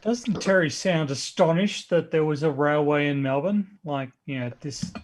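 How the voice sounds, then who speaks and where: Sarcastic, teasing man with a high voice. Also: moderate pace. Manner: teasing, mock-insulting, dry sarcasm. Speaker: guest on a live stream. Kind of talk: casual group chat.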